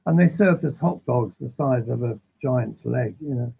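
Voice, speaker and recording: A man guesting on an interview, telling animated, rambling anecdotes that keep interrupting themselves. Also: mid-range voice, moderate pace, gravelly, husky. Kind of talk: casual storytelling. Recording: tinny phone-like line.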